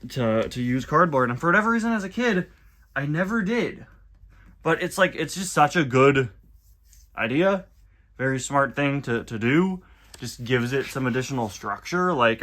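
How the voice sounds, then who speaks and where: A man's voice: medium pitch, bright, forceful tone. A man casually commenting on a children's book and reading bits aloud, chatty and wry with frequent asides. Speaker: host reviewing a children's book.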